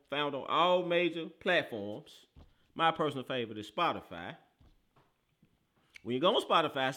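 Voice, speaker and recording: A man's voice: on the high side, pushed and bright. A man hosting his football talk show, hyped and playful, with easy slang and a casual patter. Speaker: podcast host. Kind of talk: casual chat.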